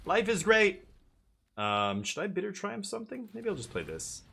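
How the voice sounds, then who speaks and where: A man's voice: high-pitched, very animated, normal speed, vocal fry, sharp tone, slightly rough. A man chatting casually as he streams a card game, rambling with jokey asides. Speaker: live streamer. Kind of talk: casual gameplay commentary.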